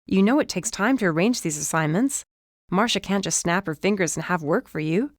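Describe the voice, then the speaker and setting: A woman's voice: lowish voice, expressive, fairly quick, dry recording, clean studio sound. A woman voicing an earnest, well-meaning young man who is eager and hopeful, defensive and apologetic by turns, in an audiobook.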